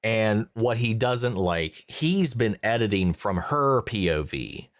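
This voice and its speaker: Low-voiced man musing over a show. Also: very animated, takes it slowly, no room sound, studio quality. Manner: musing, thinks aloud with many fillers and restarts. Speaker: reaction channel host. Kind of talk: casual post-episode review talk.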